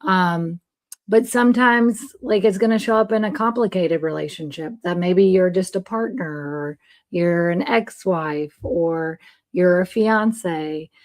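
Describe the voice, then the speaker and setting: A woman hosting a podcast conversation, speaking in a gentle, reflective way with frequent pauses and ums. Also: on the low side. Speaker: host. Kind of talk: faith-based podcast conversation.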